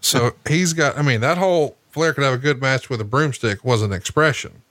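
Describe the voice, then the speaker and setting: A man co-hosting a podcast, telling animated, profane stories while commenting on a match. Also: mid-range voice, a little fast, dry recording. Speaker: podcast co-host. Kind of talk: casual commentary while watching wrestling.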